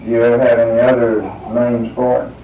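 A man's voice: medium pitch, monotone, a little fast, dark tone, slight background noise. A man interviewing someone, hesitantly prompting answers with example sentences. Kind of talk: dialect survey questioning. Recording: roomy, distant mic.

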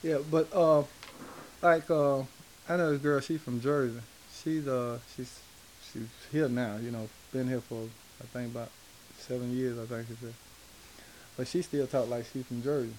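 A man from Atlanta with a Southern accent, telling stories in an interview in a halting, rambling way full of fillers. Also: mid-range voice, fairly even intonation, darkish tone, a little hiss or hum, rough recording. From Atlanta, Georgia. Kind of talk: casual storytelling in an interview.

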